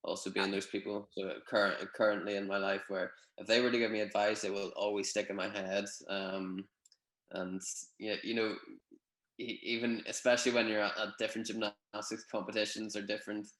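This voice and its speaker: A young man from Northern Ireland with a Northern Irish accent, chatting in a relaxed, rambling way with many fillers on a video call. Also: fairly low pitch, a little fast, reverberant, low-quality recording. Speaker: guest, gymnast. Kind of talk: casual interview over video call.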